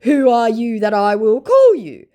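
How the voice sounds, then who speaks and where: A woman's voice: a little high, big pitch swings, unhurried, mellow, pitched above the performer's own voice. A woman voicing a defiant male scammer who poses as a rock musician and answers with indignant, curt retorts.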